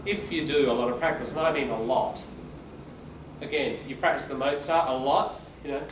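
A man's voice: mid-range voice, normal speed. A man teaching an English class, patiently explaining and demonstrating word stress by reading aloud. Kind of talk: classroom lesson. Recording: echoey room, far from the mic, background noise.

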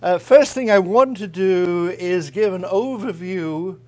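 A man's voice: sits high, takes it slowly, mellow. A man giving an academic guest lecture, conversational and wry, with frequent small hesitations. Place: university lecture room.

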